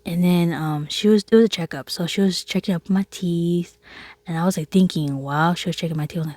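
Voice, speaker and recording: A low, husky woman's voice telling a casual storytime, chatty and quick to laugh. She often slips into a soft whisper. The sound is close and dry, with no room around it. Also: no room sound. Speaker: vlogger.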